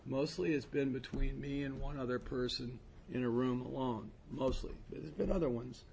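A man's voice: medium pitch, moderate pace, gravelly, darkish tone, slight background noise. A man speaking candidly and conversationally at a recovery meeting, rambling with frequent asides. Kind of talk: personal testimony talk.

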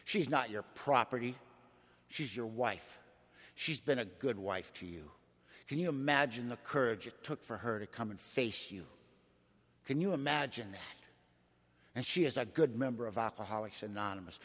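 A man putting on a gruff older Irish priest, deep brogue, no-nonsense scolding, long hall echo. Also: lively intonation, normal speed, fairly bright tone.

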